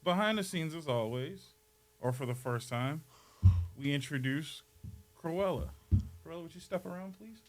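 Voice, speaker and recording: A man hosting a comedy podcast while putting on a playful impression of a soft-spoken TV painter, laughing often. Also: fairly high pitch, moderate pace, long pauses, close to an everyday voice. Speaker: podcast host. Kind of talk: comedic Bob Ross impression.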